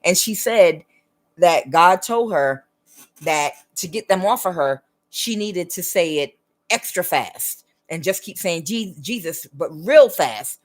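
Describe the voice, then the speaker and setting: A woman with a somewhat low voice gives a casual spiritual monologue on her own channel. She speaks earnestly and stresses her points, often checking in with the listener. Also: lively intonation, slow. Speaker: tarot reader and spiritual channel host.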